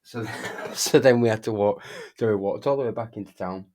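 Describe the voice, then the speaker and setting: A young man tells a long anecdote in a slightly low voice. He rambles, restarts his sentences and swears constantly, in a casual streaming chat. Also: brisk, a little mellow, slight background noise. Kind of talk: casual storytelling while gaming.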